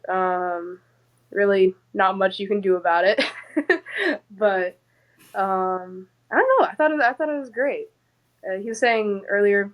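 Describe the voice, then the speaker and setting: Friendly, encouraging woman chatting casually. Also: mid-range voice. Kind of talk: casual conversation.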